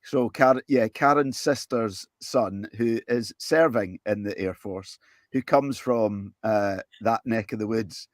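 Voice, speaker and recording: A man's voice: on the low side, slow, dry recording, clean studio sound. A man hosting a podcast, asking short questions in casual chat. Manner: brief prompts and laughter. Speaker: podcast host.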